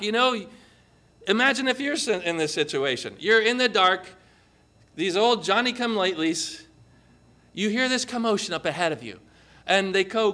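Male pastor preaching, animated storyteller, high bright voice. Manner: animated storytelling with vivid dramatizing. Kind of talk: sermon.

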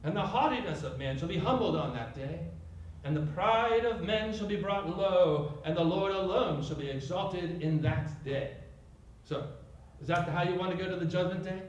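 Heard from a distance in a highly reverberant room with a faint hum and cut-off highs, a pastor preaches at a moderate pace. His somewhat high voice is forceful and emphatic as he piles up rhetorical questions in his sermon.

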